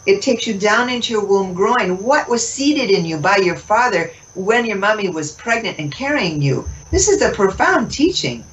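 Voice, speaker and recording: Woman guest, expressive spiritual teacher, laughs a lot; recorded from afar, muffled. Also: medium pitch, moderate pace, hardly any pauses. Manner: expressive, laughs often, acts out dialogue. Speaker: interview guest. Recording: distant mic, muffled, faint noise.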